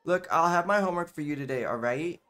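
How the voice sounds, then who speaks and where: A woman's voice: low voice, expressive, fast talker, fairly bright tone, pitched above the performer's own voice. A man reading out a mean, snobby popular teen schoolgirl in a game, snapping and mocking. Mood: annoyed. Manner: snippy, dismissive, mocking.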